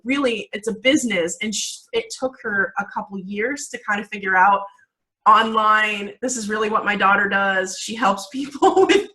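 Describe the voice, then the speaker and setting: A woman in her forties, a guest in a casual interview, telling a story in an animated way, laughing often and using many fillers. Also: mid-range voice, low-quality recording. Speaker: guest, video marketing coach.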